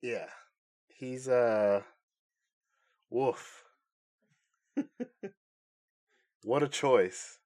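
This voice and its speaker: A man's voice: mid-range voice, extremely slow, pauses often. A man co-hosting a podcast in casual chat, who jokes around and laughs often. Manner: animated, laughs often, jokey. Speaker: podcast co-host.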